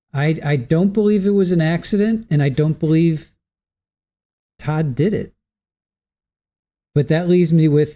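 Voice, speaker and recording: Livestream host, male, warm and slightly high voice, unscripted and halting, mulls over viewer comments. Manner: hesitant, repeats words, thinks aloud; reads viewer comments and answers them. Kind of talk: casual commentary reading chat.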